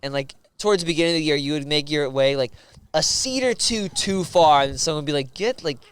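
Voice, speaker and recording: A man guesting on a casual podcast chat, animated and jokey, with lots of filler 'like'. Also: fairly high pitch, fairly quick, clean tone. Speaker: comedian guest.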